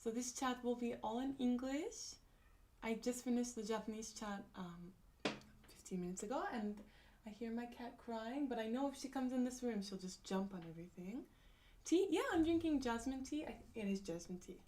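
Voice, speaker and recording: A woman with a fairly high voice chats casually on a livestream from a room at home. She greets viewers one by one and answers the chat in a bubbly way, laughing often. She sounds a little sleepy. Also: moderate pace, warm tone. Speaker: livestream host. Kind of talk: casual chat reading a live chat.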